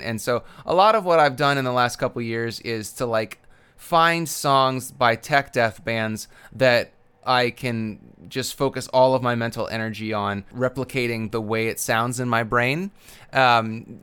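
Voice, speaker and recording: A man's voice: medium pitch, a bit bright, clear, resonant tone. A man co-hosting a casual podcast, blunt and wry, swearing freely as he talks. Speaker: podcast co-host. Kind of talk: casual chat.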